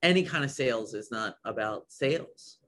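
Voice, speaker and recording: A man's voice: mid-range voice, expressive, moderate pace, sharp tone. A man who owns a business, speaking as a podcast guest with enthusiasm and many trailing restarts. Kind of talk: casual podcast conversation.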